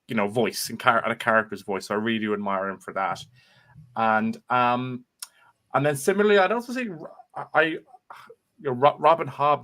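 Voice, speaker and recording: A man's voice: mid-range voice, bright, forceful tone. A man, talking casually as a guest author on a video chat, rambling and restarting his sentences. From United Kingdom. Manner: rambling, restarts often, chatty.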